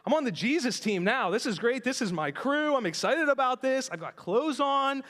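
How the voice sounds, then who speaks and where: A man voicing an excited, pleading adult man who has just been healed and begs to stay, in a sermon retelling. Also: very high-pitched, normal speed. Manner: excited, begging, breathless run-on pleading.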